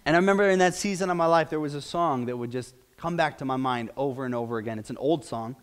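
A man's voice: medium pitch, fast talker. A male pastor preaching a sermon in a church, emotional and close to tears as he prays aloud. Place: church sanctuary.

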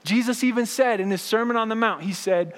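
A man's voice: sits high, fairly quick, in a large hall. A man preaching a sermon as pastor in a casual, conversational way, often asking "right?" to the congregation.

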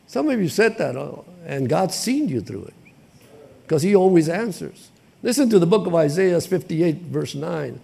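A man preaching a sermon in a conversational, impassioned way, with repetition and street slang, rising to shouts. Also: fairly high pitch, sing-song, normal speed, gravelly, breathy edge.

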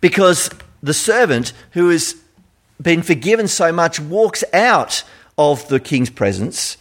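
A man's voice: on the high side, very animated, slow. A middle-aged Australian man giving a sermon in a conversational style, full of rhetorical questions. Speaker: preacher.

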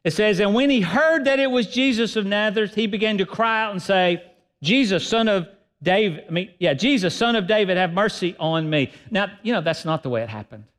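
A man preaching a sermon as pastor, emphatic and swinging between loud and soft delivery. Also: high-pitched, expressive, brisk.

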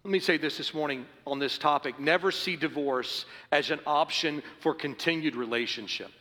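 A middle-aged male pastor preaching in a church sanctuary, his bright, forceful voice pitched a little high. He moves from earnest, quiet passages to driving emphasis. The sound carries a long reverb from the hall. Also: normal speed. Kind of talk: sermon.

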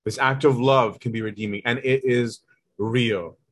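A man's voice: mid-range voice, fairly even intonation, a little slow, a bit bright, breathy edge. A man, a monk, teaching from a spiritual text in a casual, conversational way, often checking in with his listeners. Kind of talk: casual spoken lesson.

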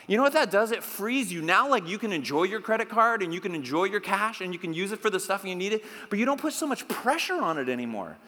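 A male pastor preaches with a high, bright voice, animated and playful as he leads the congregation in call-and-response. His voice rings in the long reverb of a church hall. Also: quick pace, few pauses. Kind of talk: sermon.

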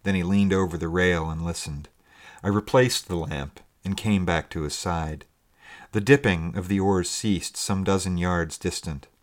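A man narrating a story in a measured, steady reading. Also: low-pitched.

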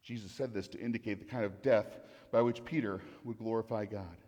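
Earnest preacher in a large echoing hall. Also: male voice, on the low side, fairly even intonation, brisk, a little mellow. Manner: earnest, repeats phrases for emphasis. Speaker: pastor. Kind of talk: sermon.

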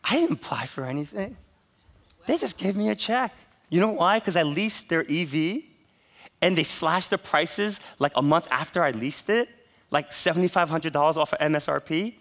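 A pastor in his forties preaching a sermon, telling stories with animated, laughing asides. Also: fairly high pitch, moderate pace.

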